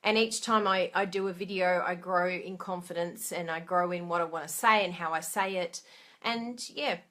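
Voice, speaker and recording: Chatty, bright-voiced woman giving a pep talk. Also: on the low side, moderate pace. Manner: chatty and encouraging, laughs at herself, asks listeners questions. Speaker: trainer for craft product demonstrators. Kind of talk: casual motivational talk to camera.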